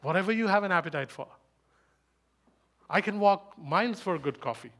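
Fast, emphatic preaching man. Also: sits high, expressive. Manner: emphatic, rhetorical questions, rises to loud bursts; speaks fast. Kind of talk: sermon.

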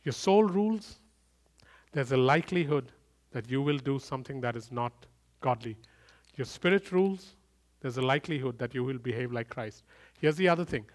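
A middle-aged man preaching a sermon, swinging from loud emphatic bursts to quiet, intimate storytelling. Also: medium pitch, animated, normal speed. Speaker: pastor.

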